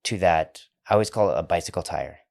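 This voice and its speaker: A man with a very low voice co-hosting a podcast conversation. He talks in a relaxed, reflective way and reaches for everyday analogies. He drops the odd curse word. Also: quick pace, creaky. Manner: relaxed, reflective, uses analogies, swears casually. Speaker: podcast co-host. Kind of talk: casual chat.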